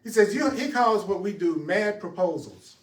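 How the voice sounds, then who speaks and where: A man's voice: sits high, animated, normal speed, echoey room, far from the mic. A man teaching a spiritual class, talking straight to his audience with emphasis and frequent laughter.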